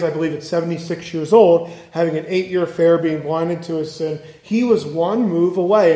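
Earnest high-voiced man preaching, echoey room. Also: mellow. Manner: earnest, acts out quoted voices. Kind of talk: sermon.

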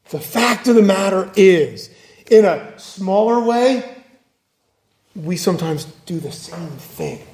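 A man's voice: sits high, lively intonation, slow, dark tone, echoey room. A man preaching a sermon, earnest, driving his points home with repetition and rhetorical questions.

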